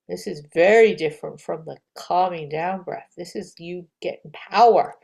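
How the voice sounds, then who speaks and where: A middle-aged woman teaching a gentle yoga lesson, talking softly and encouragingly and often dropping to a near-whisper. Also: fairly low pitch, moderate pace, gravelly, few pauses, breathy edge, rough recording.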